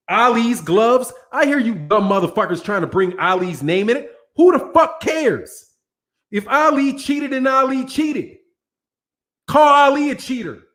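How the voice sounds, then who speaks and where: A man's voice: high voice, fairly bright tone. A man hosting a boxing channel, ranting angrily to a live audience in heavy profanity and repeating himself. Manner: angry, profane, repetitive.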